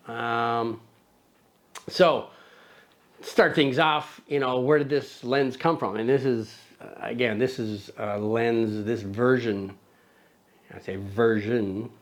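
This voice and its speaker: Playful man hosting a camera show. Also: medium pitch. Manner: playful, jokey, talks to his toddler co-host. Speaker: camera review host. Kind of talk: casual chatty lens review.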